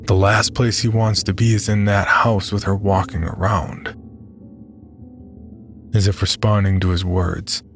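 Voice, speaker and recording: A man with a very low, gravelly voice reads a first-person horror story in a measured, grim way. Faint music plays underneath. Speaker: narrator. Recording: music beneath the voice.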